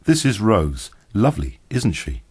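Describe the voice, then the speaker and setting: A man's voice: on the low side, very animated, moderate pace, darkish tone, no room sound, studio quality. A man voicing a smug, glib American man who needles others, in a storybook reading.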